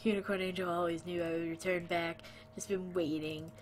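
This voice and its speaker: A woman's voice: fairly low pitch, little pitch movement, fairly quick, slight background noise. Playful woman chatting on a game stream. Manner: playful, chatty, greets viewers and jokes with them. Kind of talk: casual live-stream chat while gaming.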